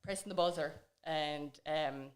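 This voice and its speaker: A woman's voice: sits low, measured pace. A woman chatting as a podcast guest, telling stories in a loose, rambling way with many fillers. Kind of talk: casual chat.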